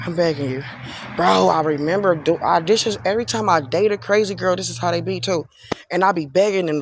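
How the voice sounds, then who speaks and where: A man's voice: high-pitched, normal speed, vocal fry, noisy background. A man on a live stream, sarcastically repeating himself in an exasperated rant at someone who accused him.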